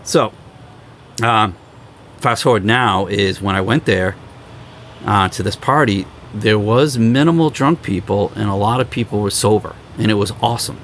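A young man hosting a podcast, telling road stories in a casual, animated way and acting out other people's lines. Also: normal speed, slight background noise. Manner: animated storyteller, acts out quoted people in higher voices. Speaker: podcast host. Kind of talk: casual storytelling chat.

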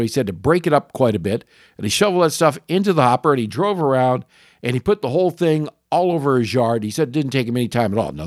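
A middle-aged man hosting a podcast, telling a casual story about lawn care with animated swings into high exclamations. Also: dry recording, clean studio sound.

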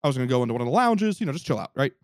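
A man telling a story in casual podcast chat, animated and profane, acting out what people said. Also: medium pitch, racing, dry recording, clean studio sound. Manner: animated, profane, acts out quotes.

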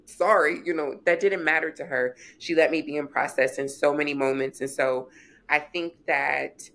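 A woman in her forties, a guest author on a podcast, telling stories in a lively way and acting out quoted voices. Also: deep voice, moderate pace, gravelly. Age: 40s. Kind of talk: podcast interview storytelling.

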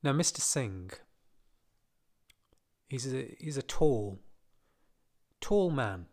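A man recounts a memory in a relaxed, conversational monologue. His pitch sits in an ordinary middle range, and he drops in wry, self-deprecating asides as he talks. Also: drawn-out words. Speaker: podcaster telling a personal story. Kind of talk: casual storytelling monologue.

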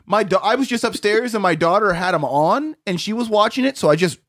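A man's voice: high-pitched, expressive, brisk, fairly bright tone, no room sound, clean studio sound. A man in casual chat who laughs easily, stammers a little and pokes fun at himself.

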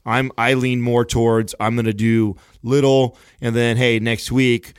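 A man's voice: medium pitch, flat delivery, unhurried, clean tone, no room sound. Rambling man explaining on a dry mic. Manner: rambling, restarts sentences, explains at length. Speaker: podcast co-host. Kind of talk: casual chat.

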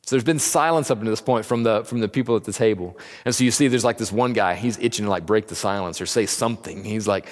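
A man's voice: on the low side, quick pace, hardly any pauses. A man giving a casual Bible teaching, talking conversationally and acting out quotes in slangy voices, recorded in a church hall. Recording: long reverb of a large room.

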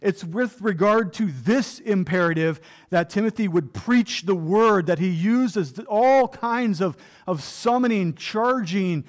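High-voiced man preaching an earnest sermon. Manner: earnest, emphatic, with rhetorical questions. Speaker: pastor. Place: church pulpit.

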